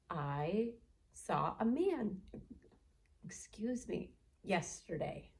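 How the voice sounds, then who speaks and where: A woman teacher leading a children's phonics lesson, slowly sounding out letters and blending them into words with gentle encouragement. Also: fairly low pitch, lively intonation, gravelly, breathy edge. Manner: gentle, encouraging teacher talk to young kids.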